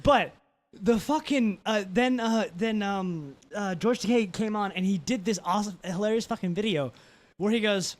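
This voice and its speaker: A man's voice: sits high, moderate pace. A young man co-hosting a podcast, telling stories in a rambling casual way with many fillers. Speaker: podcast co-host. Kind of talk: casual chat.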